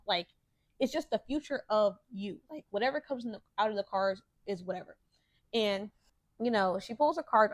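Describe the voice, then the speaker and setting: A young woman with a somewhat high voice hosts a podcast, speaking in a casual monologue. She tells stories with candor and profanity and gets heated when ranting, all captured in a dry, close recording.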